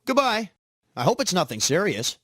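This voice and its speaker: A man's voice: high voice, huge pitch swings, normal speed, fairly bright tone, dry recording, studio quality. A man reading lines of a scripted practice dialogue in a plain way.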